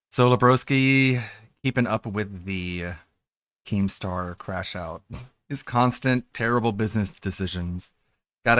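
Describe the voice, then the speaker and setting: A man streaming, rambling casually and mocking others with quick impressions. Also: lowish voice, fairly bright tone, smooth, no room sound, clean studio sound. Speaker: streamer reacting to fan videos.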